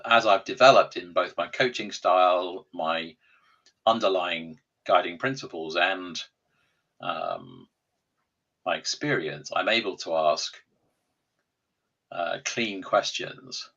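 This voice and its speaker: A man, an executive coach and podcast guest, explaining things in a measured way with frequent ums. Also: low-pitched, pushed and bright, dull audio. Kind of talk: casual conversational interview.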